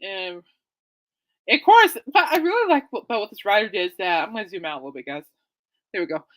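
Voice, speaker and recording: An excitable woman rambles through her podcast in casual chat, correcting herself as she goes. Her voice is bright and sharp, with a mid pitch. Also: fast talker. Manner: chatty, excitable, self-correcting. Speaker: podcast host.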